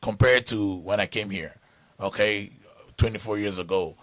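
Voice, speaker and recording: A man's voice: on the low side, normal speed, fairly bright tone. A middle-aged man from Nigeria, a podcast guest telling stories in rambling casual talk, full of restarts. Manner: rambling storytelling with many restarts.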